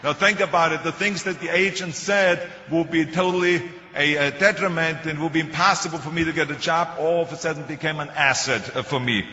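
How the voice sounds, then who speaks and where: A man's voice: fairly high pitch, steady tone, fairly quick, pushed and bright. Older man, German accent, echoey hall. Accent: German-accented English. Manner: joking anecdotal storytelling. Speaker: motivational speaker. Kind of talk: public speech. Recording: echoey hall, dull sound.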